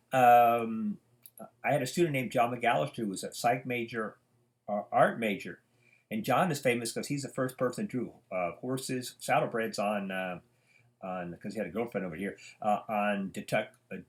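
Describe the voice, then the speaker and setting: An older man teaching psychology in a loose, rambling lecture style at home, full of fillers, restarts and side stories. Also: on the low side. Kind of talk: informal lecture.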